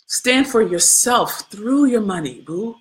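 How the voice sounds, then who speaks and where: A woman's voice: on the high side, expressive, slow. A woman hosting a live video, preaching with fervor in colloquial speech and reading viewer comments aloud between points. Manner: colloquial, addresses viewers as y'all. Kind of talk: impassioned live-stream commentary.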